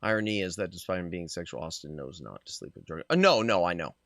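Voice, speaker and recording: A man's voice: low-pitched, animated, fast talker, gravelly, fairly bright tone, no room sound, clean studio sound. A man streaming a game, reacting playfully and animatedly to the dialogue. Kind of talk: live game commentary.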